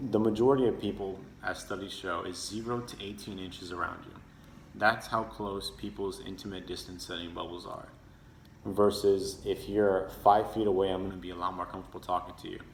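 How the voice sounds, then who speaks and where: A young man with a lowish, fairly bright voice and some vocal fry gives an earnest persuasive speech to his class, sometimes acting out tones of voice to make his points. The room is echoey with faint ambience and a slight hiss or hum.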